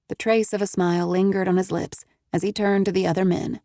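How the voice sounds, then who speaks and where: A woman narrating a first-person romance audiobook with crisp, measured storytelling. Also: mid-range voice, flat delivery, warm tone, no room sound.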